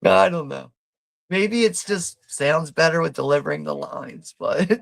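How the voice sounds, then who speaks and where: Laid-back guy hosting a watch party, kinda high-ish voice, chuckles a lot, swears. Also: expressive, takes it slowly, vocal fry, no room sound. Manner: laid-back, swears freely, laughs often. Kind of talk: casual live commentary.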